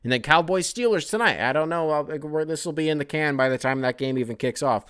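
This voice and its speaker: A man's voice: a little high, quick pace, a bit bright, clean tone, dry recording, clean studio sound. A man hosting a casual solo sports podcast who rambles, swears freely, jokes and reads listener emails aloud. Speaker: podcast host.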